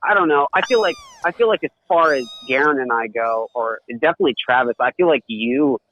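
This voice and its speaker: A man co-hosting a podcast in casual chat, talking haltingly and repeating words as he works out his point. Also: mid-range voice, lively intonation, fairly bright tone, lo-fi sound. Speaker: podcast co-host.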